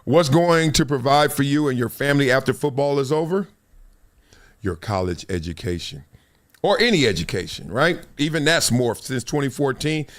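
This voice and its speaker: Animated storytelling man, highish voice. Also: a little fast, hardly any pauses. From Compton, Los Angeles. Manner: animated storytelling, swings between loud and hushed. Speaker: show host. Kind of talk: casual commentary, reading comments.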